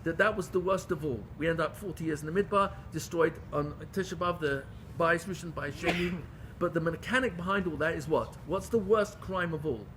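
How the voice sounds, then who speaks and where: A man teaching a Torah class to a group. He questions his listeners and swings between loud pleading and hushed intimacy. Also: on the high side, a little fast, a little hiss or hum. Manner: questions the audience. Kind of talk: Torah lecture to a live group.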